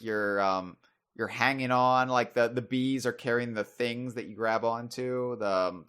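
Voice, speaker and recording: A man's voice: mid-range voice, sharp tone. A man hosting a podcast, chatting casually and thinking aloud about video games. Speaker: podcast host.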